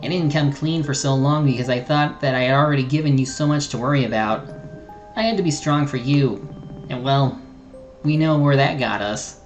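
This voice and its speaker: A woman's voice: rumbling low, normal speed, soft background music, rough recording. A streamer voicing an earnest, remorseful young woman adventurer, reading game dialogue aloud with small slips and restarts. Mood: apologetic.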